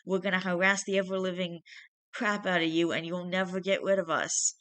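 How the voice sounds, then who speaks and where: Woman doing a loud jokey big brother guy, pushes the voice up high, dry close sound. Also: fairly even intonation, brisk, no echo, close to an everyday voice. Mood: boisterous. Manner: boisterous, joking, loud. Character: rowdy teasing young adult big brother.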